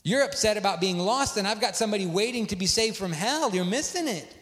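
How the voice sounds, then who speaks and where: A man's voice: high-pitched, animated, quick pace, a bit bright, pitched above the performer's own voice. A man voicing God as a blunt, fatherly figure who chides casually, heard in a reverberant hall. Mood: chiding. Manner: casual, chiding.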